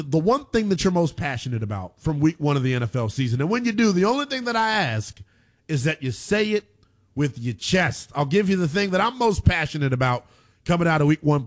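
A man's voice: on the high side, very animated, a little fast. A man hosting a sports talk radio show, ranting in a brash, mocking, hyperbolic way and taking listener comments.

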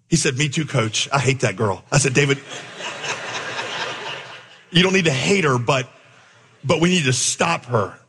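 A man preaching a sermon, telling a story with lively acted-out dialogue before turning to the message. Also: mid-range voice, unhurried, pauses often, breathy edge. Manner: animated storyteller, acts out dialogue. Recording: long hall reverb.

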